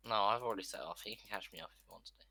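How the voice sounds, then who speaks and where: A man's voice: lowish voice, rapid-fire, bright, forceful tone, breathy edge. A man, a player trading dry, teasing quips during a casual tabletop game.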